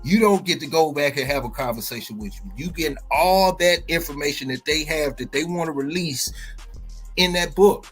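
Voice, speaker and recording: A man's voice: fairly high pitch, moderate pace, slightly rough, soft background music. A man talking casually on a podcast, laid-back and full of fillers, laughing easily. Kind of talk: casual chat.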